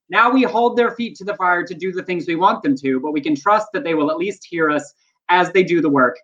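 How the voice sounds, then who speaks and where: A man co-hosting a casual live internet show, telling jokes and stories with lively energy. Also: high voice, muffled recording. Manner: animated, joking storyteller. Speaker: co-host.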